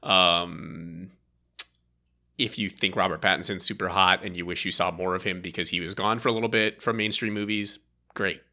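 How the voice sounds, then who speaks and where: A man co-hosting a podcast, chatting casually about a film in a rambling, animated way and laughing often. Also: low voice, moderate pace, creaky. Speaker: podcast co-host. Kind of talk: casual movie review chat.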